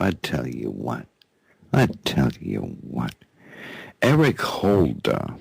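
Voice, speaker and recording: Gravelly, sarcastic male radio host. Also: sits low, darkish tone, no echo. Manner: mocking, laughs often, repeats himself. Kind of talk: sarcastic news commentary. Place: radio studio.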